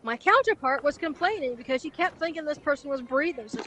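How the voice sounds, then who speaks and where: A woman's voice: high-pitched, lively intonation, fast, bright, forceful tone, a little hiss or hum. A woman streaming and chatting, telling blunt, crude stories about her old job. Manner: blunt, crude, laughing at her own story. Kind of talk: casual storytelling chat.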